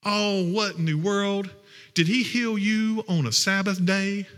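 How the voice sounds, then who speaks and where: A man's voice: high-pitched, steady tone, unhurried, fairly bright tone, long reverb tail. A man voicing scolding, legalistic male religious leaders who fire off accusing questions. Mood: indignant.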